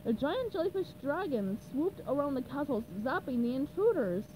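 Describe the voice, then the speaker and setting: A woman reading a storybook aloud with slow, animated narration. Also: high voice, a little hiss or hum, low-quality recording. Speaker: storybook reader.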